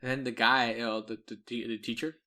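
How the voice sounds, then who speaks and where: A man's voice: mid-range voice, little pitch movement, quick pace, sharp tone. A young man co-hosting a podcast, telling a story in casual chat, acting out quotes and laughing often. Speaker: podcast co-host.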